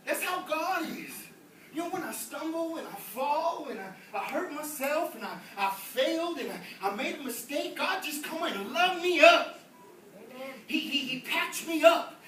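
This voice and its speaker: A man evangelist preaching a sermon in an animated, repetitive style, mixing in comic stories. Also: very high-pitched, unhurried, slight background noise. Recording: echoey hall, distant mic, congregation.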